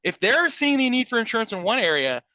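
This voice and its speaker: Bright, lively man on dull lo-fi audio. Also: extremely high pitch, quick pace, no echo. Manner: enthusiastic, stammering restarts. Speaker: insurance sales pro. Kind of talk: webinar discussion.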